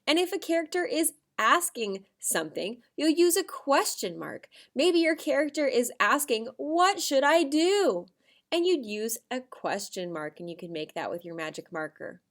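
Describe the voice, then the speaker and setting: A woman teacher giving a recorded lesson to young children, expressive and acting out examples with big shifts in her voice. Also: fairly high pitch, moderate pace, hardly any pauses.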